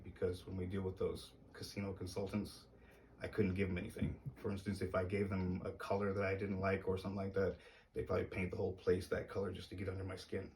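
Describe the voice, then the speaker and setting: A man telling a personal story to camera in a casual, hesitant way, uneasy and halting. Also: low-pitched, a little mellow, far from the mic, a little hiss or hum.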